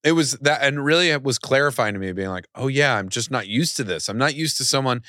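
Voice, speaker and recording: A man's voice: mid-range voice, animated, fast, pushed and bright, dry recording, studio quality. A middle-aged man chatting as a podcast guest, rambling with many restarts and fillers. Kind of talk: casual podcast conversation.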